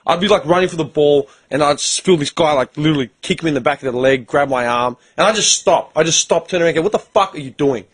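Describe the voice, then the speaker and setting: Casting: young male podcast host, husky voice, slightly high-pitched, blunt and profane. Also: fast, hardly any pauses. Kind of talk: casual chat.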